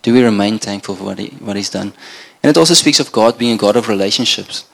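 A man's voice: fairly low pitch, fast, creaky, fairly bright tone. A middle-aged man from Namibia preaching a sermon in an earnest, conversational way. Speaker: pastor.

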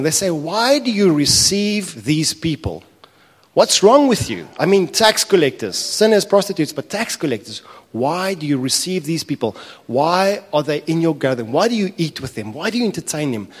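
A man preaching a sermon, telling a parable with animated, acted-out voices. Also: on the high side, brisk, slightly rough. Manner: animated storytelling, acting out characters' complaints. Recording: echoey hall reverb.

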